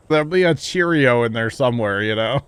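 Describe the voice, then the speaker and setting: A man chatting casually while livestreaming a video game, rambling and joking as he thinks out loud. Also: medium pitch, smooth, no room sound. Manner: rambling, jokey, thinking aloud. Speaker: game streamer. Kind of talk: casual gameplay livestream chat.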